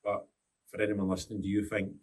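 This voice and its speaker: A man's voice: fairly low pitch, monotone, quick pace, a little mellow, recorded from a distance. A man hosting a podcast, teasing his guests and asking probing questions. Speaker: podcast host. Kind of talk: casual podcast interview.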